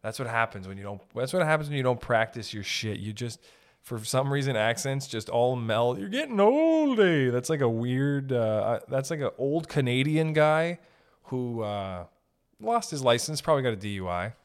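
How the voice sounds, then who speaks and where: A young man hosting a podcast, rambling through a profane, animated comedic monologue. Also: mid-range voice, normal speed, smooth. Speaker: podcast host.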